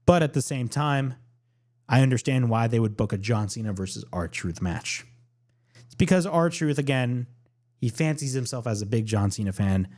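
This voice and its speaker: A man hosting a podcast, recapping a wrestling show off the cuff in a lively, unscripted way and repeating lines for emphasis. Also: mid-range voice, normal speed. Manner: animated, repeats himself for emphasis. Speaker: podcast host.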